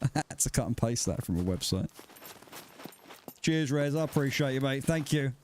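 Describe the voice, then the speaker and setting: A man's voice: mid-range voice, expressive, moderate pace, a little mellow, a little hiss or hum. A man streaming a survival game live and chatting casually with his viewers in swearing banter. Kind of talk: casual livestream chat.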